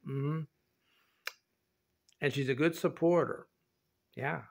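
Goofy guy rambling on his vlog, slow unhurried talk, laughs a lot and yelps up high now and then. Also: steady tone, vocal fry. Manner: goofy, rambling, often laughing and swinging to loud high shouts. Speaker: vlogger. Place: indoor showroom with a concrete floor.

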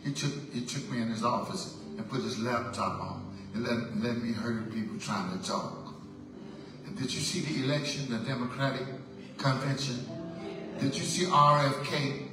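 A man's voice: mid-range voice, moderate pace, distant mic. Man testifying in an echoey hall. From Mississippi, USA. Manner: folksy, playful storytelling that swells into shouted exhortation. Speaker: gospel singer giving a testimony on stage. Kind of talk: live testimony to a church concert crowd. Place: church hall stage during a concert. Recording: echoey live hall, mic heard from afar, music behind. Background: band music playing under the talk.

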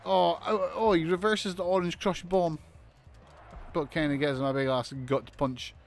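A man commentating on a wrestling video game as he plays, excitable, swearing and shouting in disbelief. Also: on the high side, normal speed. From United Kingdom. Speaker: gaming commentator.

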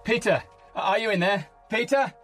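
An actor playing an eager young museum administrator in a radio sitcom, exasperated and incredulous. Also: male voice, sits high, normal speed, music in the background, close to an everyday voice. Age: young adult.

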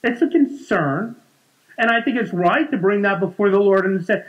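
A man's voice: high voice, moderate pace, dull audio. A man in his forties preaching a conversational sermon in a church, often repeating words and restarting sentences. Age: 40s. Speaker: pastor.

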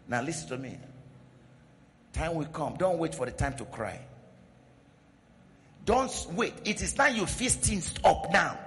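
A man preaching a sermon as pastor, building in intensity with pidgin asides. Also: on the high side. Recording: long hall reverb.

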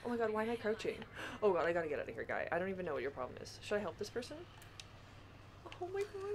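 Excitable young woman gamer, high voice that bounces all over, freaks out and giggles a lot. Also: moderate pace, a little hiss or hum. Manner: excitable, panicky, laughs a lot. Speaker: gaming vlog host. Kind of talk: casual gameplay chat.

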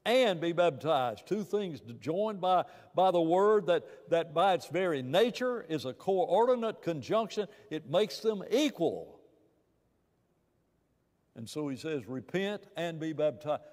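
A man's voice: a little high, big pitch swings, measured pace, a little mellow, long reverb tail. A man preaching in a church Bible class, emphatic, asking rhetorical questions and often restarting his phrases. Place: church room.

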